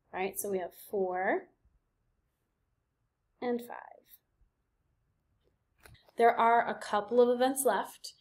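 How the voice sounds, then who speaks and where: A woman teacher giving a recorded reading lesson, explaining patiently and often checking in with her students. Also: mid-range voice. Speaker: elementary school teacher.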